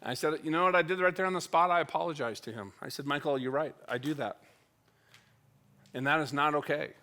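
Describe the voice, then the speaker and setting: A man's voice: a little high, fairly quick. A middle-aged man speaking at a church, telling a personal story and acting out the conversations in it. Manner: animated, acts out dialogue with wide swings in loudness.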